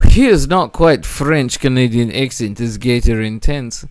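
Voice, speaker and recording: A man's voice: medium pitch, expressive, measured pace, no room sound, close to an everyday voice. A man voicing a crude boastful character in a put-on foreign accent, talking in broken, clipped grammar.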